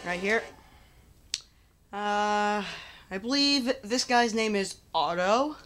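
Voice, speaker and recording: A young adult playing a racing game and commenting in an excitable, exclaiming way. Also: mid-range voice, takes it slowly, slight background noise. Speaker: game player. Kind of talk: let's play commentary.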